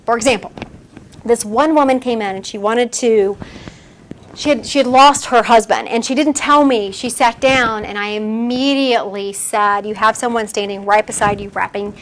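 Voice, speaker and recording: A woman's voice: a little high, normal speed. Chatty woman medium lecturing. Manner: chatty, acts out quoted dialogue, laughs often. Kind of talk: casual lecture to a live audience. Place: room with a small audience.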